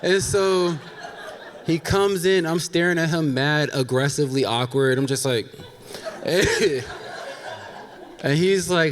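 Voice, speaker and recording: A man's voice: fairly high pitch, takes it slowly, pauses often. A man in his thirties telling a funny true story on stage, candid, with laughing asides to the audience. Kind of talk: live personal storytelling on stage. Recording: long reverb of a stage hall.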